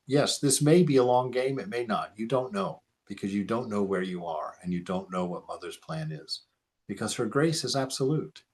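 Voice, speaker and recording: A man teaching a spiritual talk in an emphatic way, often repeating his phrases and laughing as he goes. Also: mid-range voice.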